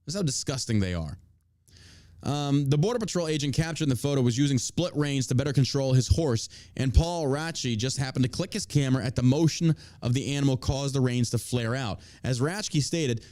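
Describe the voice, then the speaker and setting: A man's voice: mid-range voice, a little mellow, no room sound. A man hosting a show, delivering profane, combative and mocking political commentary. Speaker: podcast host.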